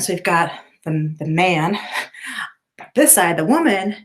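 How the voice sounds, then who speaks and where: A woman's voice: lowish voice, expressive, slow, a little hiss or hum. A middle-aged woman teacher giving a recorded lecture to students in a conversational way, with many fillers and tag questions.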